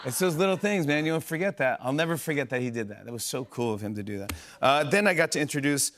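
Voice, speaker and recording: Man, talk show host, excited rambling anecdote, laughs often, studio. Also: medium pitch, fast talker, slight background noise. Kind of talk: casual storytelling monologue. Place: TV studio stage.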